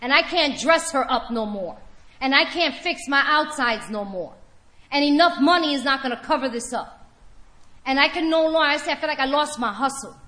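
Woman, high voice, bright tone, candid recovery testimony, wry humor, roomy meeting-hall echo. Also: expressive, moderate pace. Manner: candid storytelling with wry laughs. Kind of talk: personal testimony share.

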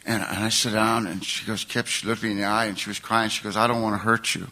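A man's voice: fairly low pitch, little pitch movement, fast talker, sharp tone. Older man telling a raw recovery story. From California. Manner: emotional, rambling storytelling with laughs. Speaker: speaker sharing his recovery story. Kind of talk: recovery meeting talk.

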